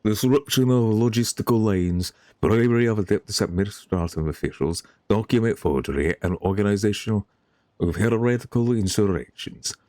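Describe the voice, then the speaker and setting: A cold, accusing governor recites his charges in a low, stern voice, as a man reads him out. His delivery is measured and formal. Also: animated, a little mellow, dry recording, natural voice. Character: harsh middle-aged male governor, cold and accusing.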